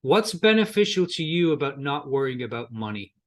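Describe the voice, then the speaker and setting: Brisk and fairly high-pitched, with big swings in pitch, a middle-aged coaching trainer teaches in a chatty style. He role-plays client and coach in short quoted back-and-forths, repeating and restarting as he goes.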